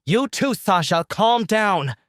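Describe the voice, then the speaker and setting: A man's voice: mid-range voice, lively intonation, normal speed, dry recording, studio quality, natural voice. A man voicing a commanding young vampire woman in an audio story, with a bossy, scolding manner.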